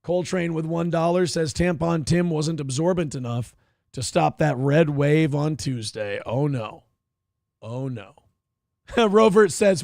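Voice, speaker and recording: A man in his thirties hosting a live show, talking in a loud, brash, mocking way with sudden yelled outbursts. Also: on the high side, slow, creaky, no echo, clean studio sound. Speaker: livestream show host. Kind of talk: crude casual livestream commentary.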